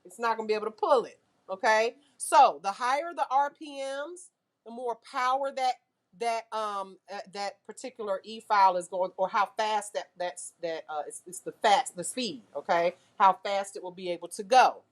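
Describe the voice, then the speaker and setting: A woman teaching a nail class, lively and full of questions to her students. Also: medium pitch, moderate pace. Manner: lively, asks the class questions, uses car comparisons. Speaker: nail instructor. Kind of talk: classroom lecture.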